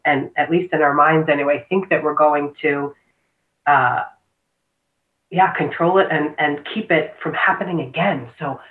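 A woman's voice: sits low, fairly even intonation, unhurried. A woman in casual conversation, a body therapy practitioner who talks earnestly and agrees often, with many fillers. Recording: tinny phone-like line in echoey room.

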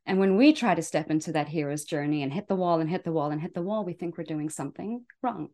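A woman life coach hosts her own show and delivers an enthusiastic motivational talk, her volume swinging between loud and soft. Her voice is medium in pitch.

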